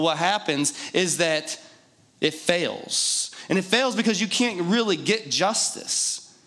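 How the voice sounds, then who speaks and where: A man's voice: fairly high pitch, fairly bright tone. A man preaching a sermon in a conversational, joking way, driving points home with repetition. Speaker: pastor.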